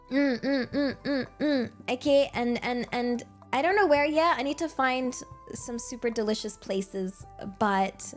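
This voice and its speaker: Bubbly young Englishwoman streamer, lively pitch. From England. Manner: bubbly, excitable, giggly. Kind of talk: casual livestream chat.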